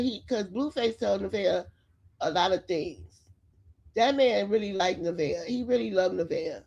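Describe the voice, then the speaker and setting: A woman's voice: mid-range voice, vocal fry, darkish tone, highs cut off. A woman giving casual, opinionated celebrity gossip commentary straight to her viewers. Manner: chatty, opinionated, addresses viewers directly. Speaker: commentary vlogger.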